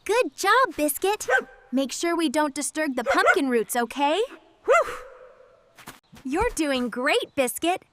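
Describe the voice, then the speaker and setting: This is a kind young girl from a children's cartoon, voiced by a woman, who is always gently praising and cheering others on. Her voice is very high and sing-song. A steady hiss runs under the recording. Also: slow pace, long pauses, exaggerated voice. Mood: encouraging.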